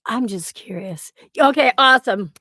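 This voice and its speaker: A woman's voice: fairly high pitch, lively intonation, moderate pace, sharp tone, no room sound, studio quality. Chatty woman hosting a livestream. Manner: chatty, swears freely, reads chat aloud. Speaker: livestream host. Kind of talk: casual livestream chat.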